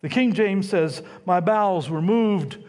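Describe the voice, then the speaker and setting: A man preaching a sermon, teaching in a lively, conversational way with asides to his listeners. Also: high-pitched, unhurried. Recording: long hall reverb.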